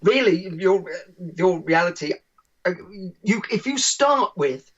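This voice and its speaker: A man's voice: high voice, expressive, slow, fairly bright tone. A man, a keynote speaker being interviewed as a podcast guest, who talks animatedly and acts out the people he quotes, on a dull lo-fi recording.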